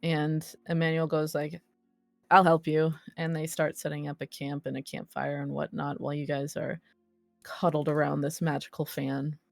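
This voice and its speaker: A woman narrating as game master of a tabletop role-play, deliberate and unhurried with occasional fillers. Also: sits low, little pitch movement, gravelly, darkish tone, no room sound, soft background music.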